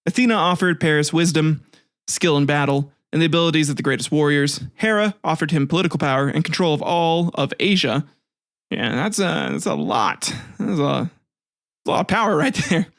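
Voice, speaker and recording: A man's voice: a little high, a little fast, a bit bright, no echo, clean studio sound. A man hosting a casual history podcast, retelling myths with swearing, laughter and jokey asides, often restarting his sentences. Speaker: podcast host.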